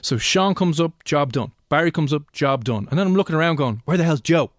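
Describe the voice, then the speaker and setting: A man co-hosting a radio show, telling stories in a quick, self-mocking way. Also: a little high, lively intonation, no room sound, clean studio sound. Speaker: radio co-host. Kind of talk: casual chat.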